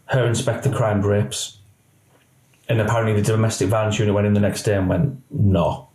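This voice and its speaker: A man's voice: fairly low pitch, level tone, fairly quick, darkish tone, roomy sound, poor audio. A man, a former police officer telling his story in a candid podcast interview and acting out the dialogue.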